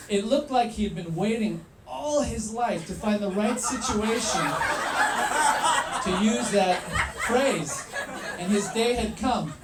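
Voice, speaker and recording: A man telling a true story live, in an animated, wry way with pauses for effect. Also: sits high, reverberant, over a noisy crowd, very noisy.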